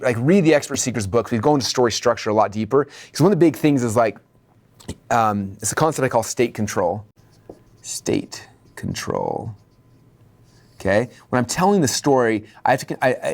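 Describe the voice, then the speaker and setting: Male business coach, quick and energetic delivery, acts out dialogue in his stories, middle-range pitch. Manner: energetic, checks in with "okay?" and "right?". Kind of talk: training lesson.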